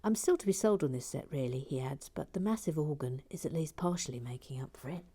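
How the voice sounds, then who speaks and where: A middle-aged woman chatting wryly as she builds and reads out viewer comments, often dropping into soft, half-whispered muttering. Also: deep voice, quick pace, noisy background. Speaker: LEGO building channel host.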